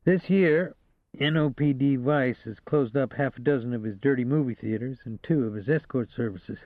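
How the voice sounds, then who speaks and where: A man's voice: mid-range voice, moderate pace, no echo, natural voice. A man voicing a blunt, caring woman police colleague who teases and presses him, read in an audiobook. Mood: matter-of-fact. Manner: teasing, persistent, plain-spoken. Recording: dry, narrow phone-like sound.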